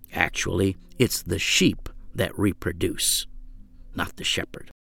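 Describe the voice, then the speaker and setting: Guy preaching slow and steady, hammering points in pairs, dry sound. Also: on the low side, vocal fry, no echo. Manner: measured, emphatic, repeats parallel phrases. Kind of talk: sermon.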